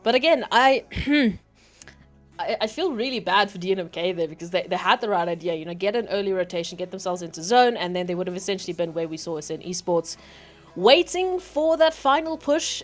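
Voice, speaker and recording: A woman with a South African accent doing play-by-play esports commentary, getting excited and loud at big plays. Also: medium pitch, brisk, soft background music. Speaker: esports caster.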